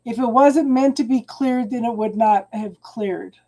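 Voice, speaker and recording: A woman reads tarot cards live for her online viewers and talks straight to them. Her voice sits a little high but sounds soft and mellow. She stops and restarts her phrases a lot and calls people hun. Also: unhurried. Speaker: tarot reader. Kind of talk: live-stream tarot reading, talking to viewers.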